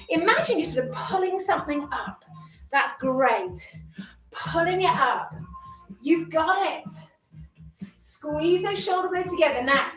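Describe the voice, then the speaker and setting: A woman's voice: very high-pitched, echoey room, far from the mic, rough recording. A woman exercise instructor leading a workout class, upbeat and encouraging, a bit out of breath as she moves along with it. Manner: upbeat, encouraging, chatty with self-deprecating jokes.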